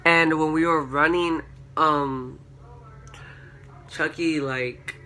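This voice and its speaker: A young man tells his storytime on camera, rambling and packing in fillers. His voice sits a bit high and sounds very bright and sharp. Faint room noise hums under it, and he leaps into excited shrieks when he acts out his own lines. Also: very slow. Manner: excited, rises to high-pitched shrieks when quoting himself. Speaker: vlogger. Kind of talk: storytime vlog.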